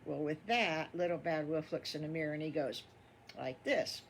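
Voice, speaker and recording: A woman's voice: low-pitched, moderate pace, slight background noise. Folksy older woman telling stories. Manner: folksy, rambling, affectionate. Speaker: storyteller. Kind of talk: improvised children's storytelling.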